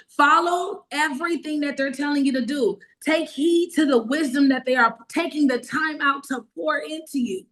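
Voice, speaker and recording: High-pitched woman in her 30s sharing her story, animated, repeats words a lot, acts out what she said back then. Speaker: network marketing team member giving a testimonial. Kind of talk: emotional personal testimony on a group call.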